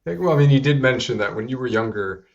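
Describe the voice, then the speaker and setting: A man's voice: mid-range voice, expressive, fast, gravelly. Host, man on a remote call, mid-range voice, slightly dull audio, long rambling questions. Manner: frequent short backchannels, wordy questions. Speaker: podcast host. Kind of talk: casual interview conversation.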